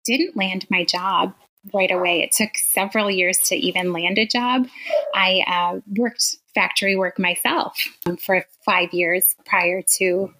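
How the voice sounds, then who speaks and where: A woman in her forties from Wisconsin, a teacher telling her story as a guest in a casual interview, earnest and quick to laugh. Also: mid-range voice, bright, forceful tone, rough recording.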